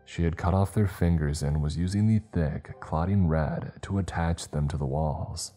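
A man reads a scripted horror story in a slow, measured way. His voice is extremely low and dark, with a mellow, heavy tone. Faint music plays quietly behind him.

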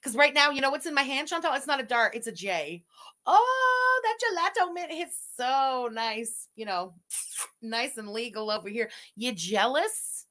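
A woman's voice: high-pitched, lively intonation, moderate pace, sharp tone. A woman hosting a commentary stream, reacting to a livestream clip in a mocking, sarcastic way. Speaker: commentary host.

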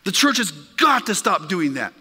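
A man's voice: high-pitched, big pitch swings, normal speed, bright, forceful tone, breathy edge, in a large hall, soft background music. A male pastor preaching a sermon in an emphatic, conversational way, talking directly to his congregation. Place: church sanctuary.

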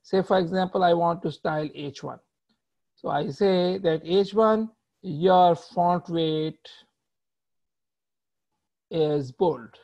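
A man's voice: high-pitched, darkish tone. A man giving a live coding lecture, explaining patiently as he types and tagging many phrases with "right?". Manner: talks while typing code, ends phrases with "right?"; explains patiently and checks in with students. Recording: muffled lo-fi audio.

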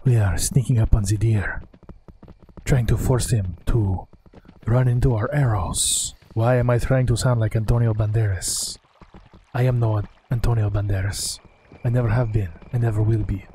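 A man putting on a deep, suave, hushed narrator voice for a sneaking hunter, speaking from a bit away from the mic. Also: steady tone, normal speed, a little hiss or hum, natural voice. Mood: hushed sly. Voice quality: low husky put-on voice.

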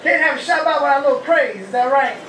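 A rabbi gives a lively call-and-response sermon, asking the congregation questions and shouting praise. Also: male voice, extremely high pitch, quick pace, a little hiss or hum. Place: humid, warm house of worship. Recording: echoey hall, mic far off.

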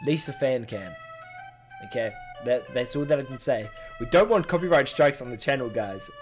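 A man giving excitable, joking reaction commentary, swearing casually as he goes. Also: medium pitch, moderate pace, over music. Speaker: YouTuber.

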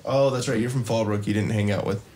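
A man's voice: fairly low pitch, fairly even intonation, fast talker, a little mellow. A man co-hosting a podcast in casual chat, joking and teasing his co-host.

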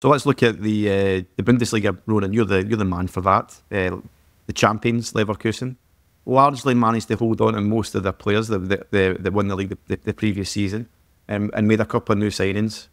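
A man co-hosting a football podcast, speaking casually and haltingly with frequent fillers and repeated words, close to the mic. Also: lowish voice, fairly even intonation, no echo. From Scotland. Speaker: podcast co-host. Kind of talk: casual football analysis chat.

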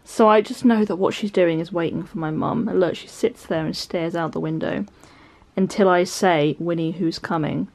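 A young British woman in her twenties chats to the camera from her living room, rambling and giggling as she goes. Her voice sits a little low for a woman, and her talk is casual and easygoing. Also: moderate pace, a little mellow. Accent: British English. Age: 20s. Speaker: vlogger. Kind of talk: casual home vlog chat. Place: home living room, indoors.

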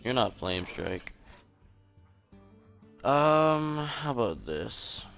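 A man's voice: medium pitch, very animated, very slow, vocal fry, a bit bright. A young man streaming a card game, commenting to himself in a frustrated, swearing, muttering way. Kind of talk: live gameplay commentary. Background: game music.

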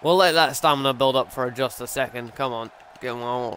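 A young man giving excitable let's play commentary on a wrestling game, full of exclamations. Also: medium pitch, brisk, slight background noise. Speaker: gaming YouTuber.

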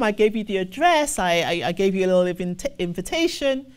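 A woman preaching and reading scripture slowly and solemnly, expressive and acting out other people's replies. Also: medium pitch. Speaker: ministry officer.

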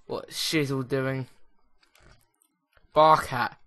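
A man's voice: medium pitch, unhurried, sharp tone. A young man giving casual, rambling, jokey commentary while playing a video game. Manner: rambling, jokey, with many restarts. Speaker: let's play host.

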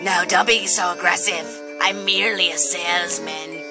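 A woman voicing a mysterious male salesman, speaking slowly in a put-on accent over game music. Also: fairly low pitch, fairly even intonation, natural voice. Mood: smooth. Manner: slow, drawn-out, put-on accent.

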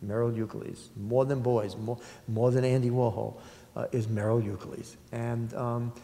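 An older man with a New York accent, an art dealer telling anecdotes in a halting, conversational way with many pauses. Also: mid-range voice, flat delivery, warm tone. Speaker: art dealer in public talk. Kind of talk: conversational storytelling talk. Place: lecture hall. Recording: reverberant hall.

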